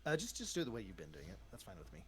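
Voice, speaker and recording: With a deep voice that swoops wildly in pitch, a man fires off words rapidly as he runs a tabletop game on stream. As dungeon master he's encouraging and upbeat, and he refers to the players as "dude."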